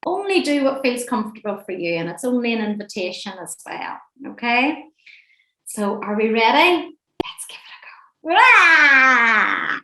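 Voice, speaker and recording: A woman leading a laughter and breathing class, gentle, playful and encouraging, speaking from a room on a video call. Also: a little high, sing-song, normal speed. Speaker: laughter and relaxation session leader. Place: indoor room at home, seated near a screen. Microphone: webcam or laptop mic on a video call. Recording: roomy echoey room sound.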